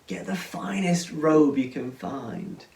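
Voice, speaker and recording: Preacher putting on an elderly loving father in a retold parable, warm and urgent, heard from a distance. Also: on the high side, takes it slowly, vocal fry, a little hiss or hum. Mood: joyful, urgent. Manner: urgent, joyful commands. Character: loving, forgiving old father welcoming his son home. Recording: roomy sound, mic at a distance.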